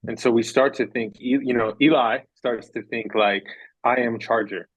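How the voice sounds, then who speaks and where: Husky-voiced man, earnest and rambling. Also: medium pitch, fairly even intonation, normal speed, no room sound, highs cut off. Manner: earnest, rambling, repeats phrases for emphasis. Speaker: podcast guest. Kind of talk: reflective casual conversation.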